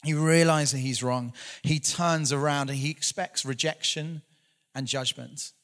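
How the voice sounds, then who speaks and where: A man's voice: on the high side, fairly even intonation, measured pace, fairly bright tone. A man, preaching a conversational sermon with earnest storytelling and some self-deprecating humor.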